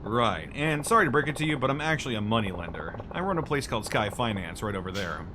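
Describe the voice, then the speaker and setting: A man voicing a calm, cool male moneylender boss in a game, in a low, quiet, laid-back tone. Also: fast, lightly acted. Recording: noisy stream audio.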